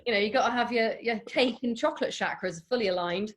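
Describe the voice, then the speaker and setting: A woman's voice: fairly high pitch, fast. A woman hosting a casual interview, cheeky and swearing freely. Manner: cheeky, swearing, laughing along. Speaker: host.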